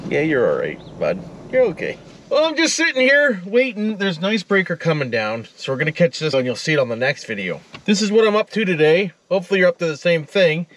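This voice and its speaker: A man gives easygoing running commentary outdoors in the cold. His pitch rises and falls a lot as he chats to the drone and the birds. Steady background noise runs under the recording. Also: rough recording. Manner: chatty, talks to the drone and birds. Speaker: vlogger flying a drone. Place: outdoors by a frozen river and a truck in the cold.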